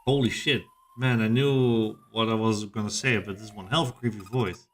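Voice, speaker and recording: A man's voice: fairly low pitch, fairly even intonation, moderate pace. A man streaming a visual novel, reading the narration aloud and reacting casually, with plenty of swearing.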